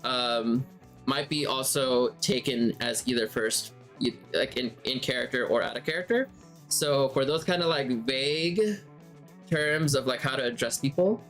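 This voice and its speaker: Male game master teacher, middle-pitched, casual unscripted lesson style, self-correcting, faint guitar underneath. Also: a bit bright. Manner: conversational, thinks aloud and rephrases mid-sentence. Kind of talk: casual spoken lesson answering questions.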